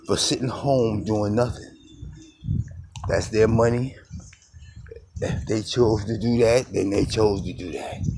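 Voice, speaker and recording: A man vlogging on a phone while walking outdoors through his neighborhood, rambling loosely and greeting people he passes. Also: lowish voice. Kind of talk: rambling walk-and-talk monologue. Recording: noisy outdoor phone recording.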